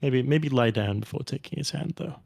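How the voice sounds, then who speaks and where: A man's voice: medium pitch, fairly quick, creaky, darkish tone, no echo. A man playing a tabletop game, speaking in a reassuring, easygoing way. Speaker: player. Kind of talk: casual tabletop game chat.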